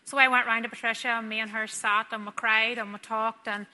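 A woman's voice: on the high side, level tone, a little fast, pushed and bright. A Northern Irish woman giving a personal faith testimony, chatty and heartfelt, acting out the dialogue as she tells it. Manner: chatty, acts out dialogue, says "wee" often. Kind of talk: heartfelt storytelling. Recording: long hall reverb.

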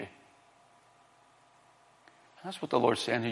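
A man's voice: medium pitch, animated, moderate pace, gravelly. A man preaching a sermon, explaining scripture and reading passages aloud, with frequent restarts. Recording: long reverb of a hall.

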